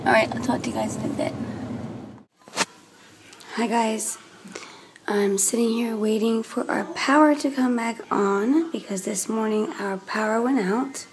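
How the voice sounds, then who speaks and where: A woman's voice: on the high side, unhurried, pauses often, background noise. A woman chatting casually to her viewers at home in a rambling vlog. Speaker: hair stylist vlogger.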